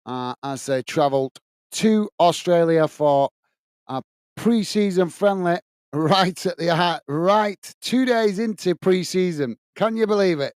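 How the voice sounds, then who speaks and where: A friendly man hosts a live football watch-along, chatting casually and greeting viewers by name. His voice sits a little high and comes across smooth and resonant. The sound is dry and close, with no room echo. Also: measured pace, darkish tone. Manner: chatty, friendly, calls viewers mate and guys. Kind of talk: casual live commentary and chat.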